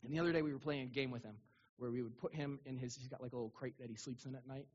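A young adult male pastor giving a casual, animated sermon in a church, asking the congregation rhetorical questions. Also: mid-range voice, rapid-fire, husky, highs cut off. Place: church sanctuary.

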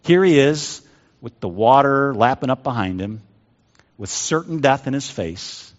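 A male pastor delivers a dramatic sermon, his voice rising and falling in lively swings of pitch. He moves between loud, pressing lines and quiet, hushed ones. The sound is dull and slightly muffled, and it rings out in a church sanctuary with a long reverb. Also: measured pace.

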